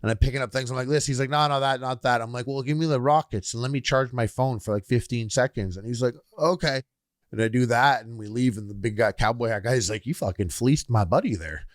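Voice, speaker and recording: A man's voice: mid-range voice, quick pace, no room sound, clean studio sound. A man with a Canadian accent, co-hosting a podcast and telling a wild story in casual chat, acting out the people he quotes. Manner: animated, swearing, acts out quoted people. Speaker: podcast co-host.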